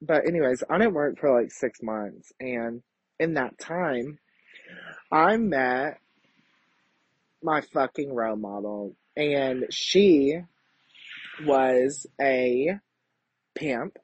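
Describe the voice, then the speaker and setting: Brash campy man, husky lo-fi. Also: mid-range voice, very slow, long pauses, no room sound. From Kentucky. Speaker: podcast host. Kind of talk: casual confessional monologue. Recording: dull lo-fi home recording.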